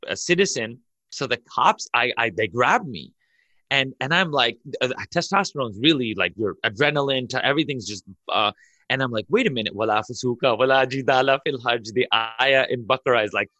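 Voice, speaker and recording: Bright-voiced man telling a story excitedly. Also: mid-range voice, no echo. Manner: excitable, laughs through his story, rushes in bursts. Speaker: imam and podcast guest. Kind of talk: animated storytelling in a podcast chat.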